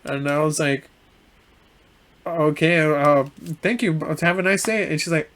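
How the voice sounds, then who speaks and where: A young man co-hosting a casual podcast, telling a story in halting bursts with many restarts, acting out the other person's lines. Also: a little high, fairly bright tone. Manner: halting, full of restarts and fillers, acts out quoted lines. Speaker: podcast co-host.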